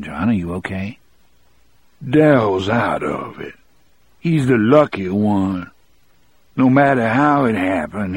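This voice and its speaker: A man voicing a gentle, grieving giant of a male prisoner with a low, hoarse voice. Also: no room sound, exaggerated voice. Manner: slow, simple, sorrowful.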